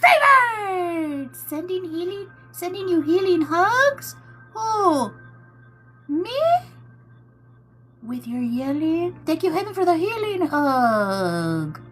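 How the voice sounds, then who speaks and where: A woman's voice: very high voice, big pitch swings, slow, over music. A woman hosting a live tarot stream, talking casually with viewers in a chatty, teasing way and calling them "my love.".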